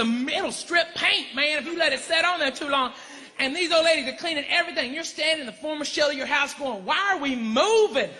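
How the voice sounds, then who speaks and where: A man performing stand-up comedy, telling a story in a loud, animated way. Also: very high-pitched. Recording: big reverberant venue with laughing crowd and noise.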